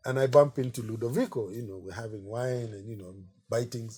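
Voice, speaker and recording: Middle-aged man, mellow tone, chatty storyteller in an interview. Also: mid-range voice, fairly quick, breathy edge. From Kenya. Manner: chatty, peppers speech with "you know". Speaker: artist interviewee. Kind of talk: relaxed anecdotal storytelling.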